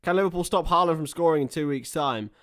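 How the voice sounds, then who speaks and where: A man's voice: fairly high pitch, quick pace, fairly bright tone. A man giving casual, chatty live commentary on a football match while talking to his viewers. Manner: chatty, reacts to viewer chat between play-by-play.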